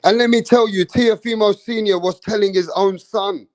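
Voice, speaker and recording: A man giving casual boxing commentary, excitable and slangy, repeating himself for emphasis. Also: high-pitched, moderate pace, few pauses, no room sound.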